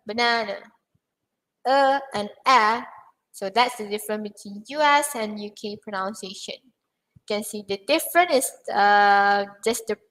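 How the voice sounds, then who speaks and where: A woman's voice: medium pitch, a bit bright, rough recording. A young woman teaching English pronunciation in an online lesson, patiently repeating words for learners.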